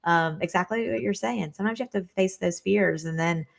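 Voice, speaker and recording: A woman's voice: on the low side, brisk, vocal fry. A woman in her forties from New Orleans, a podcast guest talking in an enthusiastic, reflective way with some fillers. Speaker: podcast guest, leadership consultant. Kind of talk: casual chat.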